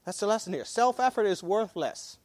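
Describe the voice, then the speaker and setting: A man preaching a sermon as pastor, folksy, swinging between loud emphasis and quiet asides. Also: high voice, lively intonation, brisk, no room sound.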